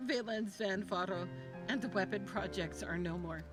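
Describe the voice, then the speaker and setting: A woman reading game dialogue aloud as a solemn war survivor mourning the dead, in a measured, somber way. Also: mid-range voice, voice pushed down, natural voice. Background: game music.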